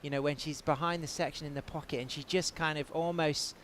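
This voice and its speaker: A man's voice: a little high, steady tone, fairly quick, fairly bright tone, slight background noise. English man commentating live surf.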